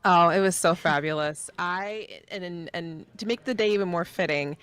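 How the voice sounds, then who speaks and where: A woman reporting on theme parks in a live studio news chat, gushing and excited, often restarting her sentences. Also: fairly low pitch, moderate pace, smooth, no echo. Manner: bubbly, gushing, frequent restarts.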